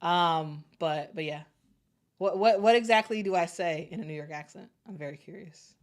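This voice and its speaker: Young female sports streamer, Chicago accent, lowish voice, loose unscripted delivery full of fillers. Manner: halting, many fillers and restarts. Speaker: sports show host. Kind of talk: casual livestream chat reading super chats.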